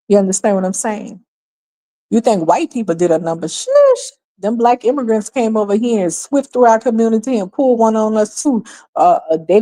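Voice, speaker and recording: Her voice is mid-range and warm, but this New York livestream host delivers pointed commentary: emphatic, sarcastic and heavy on opinions, with rhetorical questions throughout.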